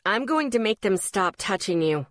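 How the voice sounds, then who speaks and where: A woman's voice: mid-range voice, animated, moderate pace, no echo, studio quality, lightly acted. A woman reading the lines of a possessive, menacing young man who growls over the phone.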